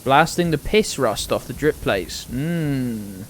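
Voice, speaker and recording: A man's voice: mid-range voice, animated, takes it slowly, slight background noise. Rambling British man streaming a game. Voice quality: rambling, swears casually, trails off into mumbles. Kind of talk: casual gaming chat.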